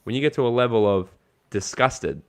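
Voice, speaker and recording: A man's voice: medium pitch, expressive, normal speed. A man speaking as a guest in an interview, giving emphatic, casual motivational advice and swearing now and then. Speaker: guest, network marketing coach.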